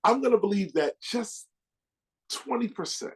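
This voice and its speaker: A man with a husky voice gives a live motivational talk, preacher style. He sits high for a man and swings his pitch all over the place, leaning on slang and playing out the people he quotes. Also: very animated, measured pace. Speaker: guest speaker.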